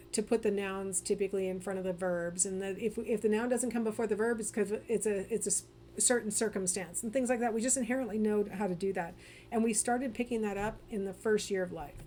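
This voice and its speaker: A woman talks through a psychology lecture in a loose, chatty way, with plenty of fillers and restarts. Her pitch sits in a middle range. A faint hiss runs under her voice. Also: warm tone. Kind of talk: casual recorded lecture.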